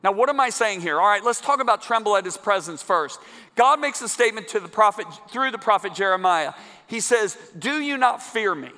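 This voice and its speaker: A man preaching a sermon to a congregation in a large church, emphatic and building to loud climaxes. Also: high-pitched, animated, a little fast. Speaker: guest preacher. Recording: long church hall reverb.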